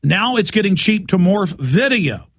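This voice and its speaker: A man's voice: sits high, big pitch swings, unhurried, breathy edge. A man hosting a talk radio show, delivering a heated, emphatic monologue.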